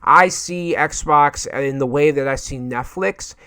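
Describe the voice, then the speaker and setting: A man with a slightly raised pitch talks through gaming news in a loose, casual commentary. He hesitates a lot and fills his pauses with "uh" while he reads an article aloud. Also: pushed and bright, clear, resonant tone. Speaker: gaming channel host.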